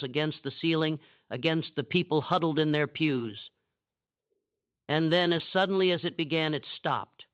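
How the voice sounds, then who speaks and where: Male narrator, solemn and measured storytelling, fairly high voice, dull dry recording. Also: a bit bright, no echo. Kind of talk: scripted historical narration.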